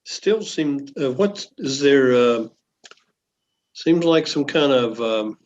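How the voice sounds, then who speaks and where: Slow, halting man on a dull call line. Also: medium pitch, expressive, darkish tone. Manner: hesitant, halting, many fillers. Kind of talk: casual online chat. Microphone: online call mic.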